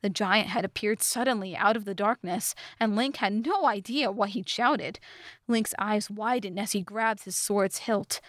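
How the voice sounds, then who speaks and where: A woman reads a fantasy story aloud as an audiobook narrator, steady and measured in a middle register. The recording is close and dry, with no room around her. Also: mid-range voice, no echo. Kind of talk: scripted narration.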